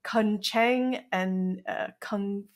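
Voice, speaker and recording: A woman co-hosting a casual recap podcast, explaining what she looked up with many pauses and fillers. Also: medium pitch. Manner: hesitant, many ums and uhs, explains research. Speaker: podcast co-host.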